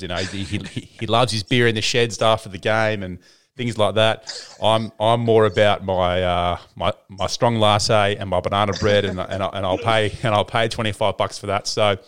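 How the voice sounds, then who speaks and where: A man's voice: fairly low pitch, fairly even intonation, normal speed, fairly bright tone, clean tone. A man hosting a podcast over a video call, chatty, with many fillers and repeated words. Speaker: podcast host. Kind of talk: casual podcast chat.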